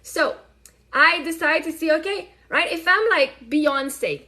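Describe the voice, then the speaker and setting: A woman's voice: sits high, slow. A woman hosting her own show, talking casually and animatedly, acting out her conversations and swearing freely. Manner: animated storytelling, swears freely, acts out dialogue. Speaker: show host; mother. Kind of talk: casual monologue.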